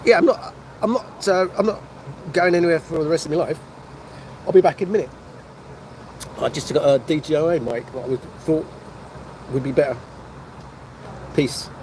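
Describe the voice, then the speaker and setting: An older North London man chats on a phone livestream from a motorway service station café, rambling and restarting sentences partway through. His voice is a little high and darkish, at a moderate pace with frequent pauses. The recording is low quality, with some hiss or hum.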